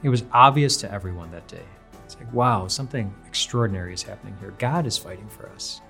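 Earnest low-voiced male preacher. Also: fast, vocal fry, pushed and bright, faint music behind. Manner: earnest, restarts phrases often. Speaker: pastor. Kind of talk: devotional sermon.

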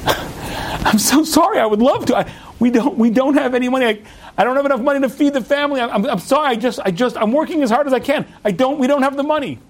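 A man voicing a poor, worn-out father who apologizes haltingly in a story he tells. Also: very high voice, voice pushed up. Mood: apologetic.

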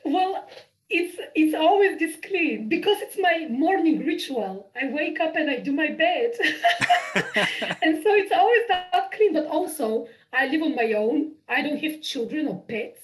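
A woman whose first language is not English, chatting as an improviser guest over a video call, animated and quick to laugh. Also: high voice, rough recording. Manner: animated, gushing, laughs often. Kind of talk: casual interview chat.

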